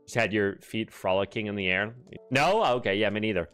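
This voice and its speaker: A man's voice: fairly low pitch, fairly quick, fairly bright tone, clear, resonant tone, soft background music. A young Canadian man with a Canadian accent, streaming a shop game and joking crudely with his chat. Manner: brash, crude, jokey, talks to chat. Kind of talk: joking gameplay commentary.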